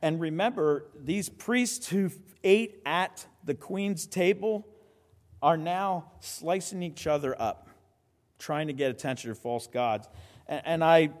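Animated preacher with ringing hall reverb. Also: male voice, a little high. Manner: animated preaching, quick asides and repeated restarts. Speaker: pastor. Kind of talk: sermon.

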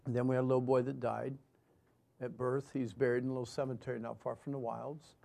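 A man preaching a sermon and telling his own story earnestly, moving between loud emphasis and hushed lines. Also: medium pitch, flat delivery, quick pace, vocal fry. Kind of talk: sermon with personal testimony.

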